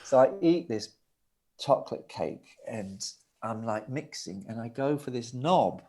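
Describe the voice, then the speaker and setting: A middle-aged record producer, seated as an interview guest, tells a long, rambling anecdote in a mid-range, dark-toned voice. His intonation is lively though his pace is a little slow, and he vividly acts out the voices of the people in his story.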